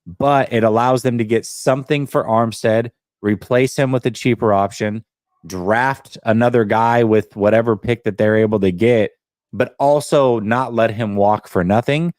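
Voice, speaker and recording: A man's voice: mid-range voice, steady tone, normal speed, darkish tone, no room sound, clean studio sound. A man on a sports talk show analyzing team finances and trades at length. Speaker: sports podcast panelist.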